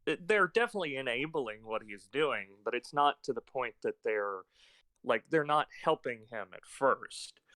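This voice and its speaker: A man's voice: medium pitch, lively intonation, normal speed, sharp tone, dry recording. A man co-hosting a podcast, talking casually about films with frequent fillers and hesitant restarts. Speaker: podcast co-host. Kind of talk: casual film discussion.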